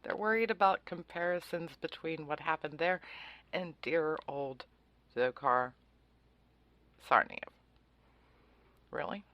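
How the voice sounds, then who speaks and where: A woman's voice: deep voice, measured pace, long pauses, dry recording, dull audio. A woman hosting a talk radio show, speaking in a sarcastic, facetious and opinionated way in a conversational monologue.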